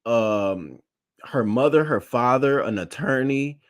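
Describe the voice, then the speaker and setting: A man's voice: medium pitch, lively intonation, slow. A man hosting a celebrity news show, giving blunt, opinionated commentary and reading his live chat, swearing freely and repeating points for emphasis.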